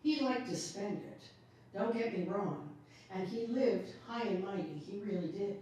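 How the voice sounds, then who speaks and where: A woman's voice: mid-range voice, measured pace, dark tone, slight background noise. A woman singer telling an anecdote between songs at a live show, chatty, with asides to the audience. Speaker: singer and storyteller. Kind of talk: live concert patter. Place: library event room. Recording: echoey room from far off, music.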